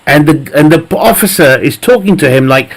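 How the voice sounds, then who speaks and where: Guy streaming a game, bit high voice, cracks himself up, swears a lot, just chatting to viewers on his mic. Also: animated, brisk. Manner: jokey, laughs often, swears freely, teases chat. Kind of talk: casual live stream chat.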